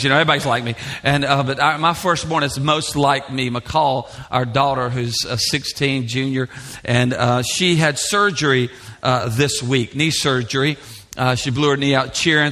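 A middle-aged man preaching a sermon in a church, telling stories in a conversational way and asking the congregation questions. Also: fairly high pitch. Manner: storytelling, animated and conversational, asks the congregation questions. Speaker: pastor.

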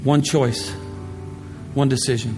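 A man pastor telling a personal story in a sermon, animated, swinging from hushed to loud. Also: medium pitch, slow pace. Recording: echoey hall with faint music.

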